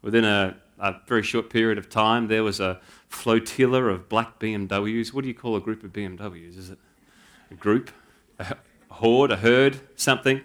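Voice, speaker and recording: A man preaching a sermon, telling a story in a relaxed, anecdotal way with dry asides. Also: fairly low pitch, moderate pace. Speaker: pastor.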